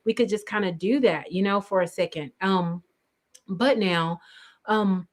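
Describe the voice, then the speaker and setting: A young adult woman, a grief coach, talking casually in an animated storytelling way and acting out the quotes she tells. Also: medium pitch, unhurried. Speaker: grief coach and speaker, guest. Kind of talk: casual conversational chat.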